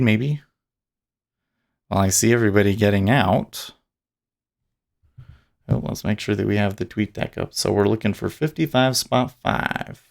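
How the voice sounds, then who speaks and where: A man's voice: lowish voice, vocal fry. A man talking casually and rambling as he streams his live day trading, often restarting and chuckling. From Utah.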